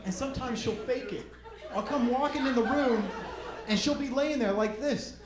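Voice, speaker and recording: A male stand-up comedian with a high voice, telling stories and acting out scenes. The room is roomy, and loud noise runs underneath the whole set. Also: normal speed, over a noisy crowd. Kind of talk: stand-up routine. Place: comedy stage.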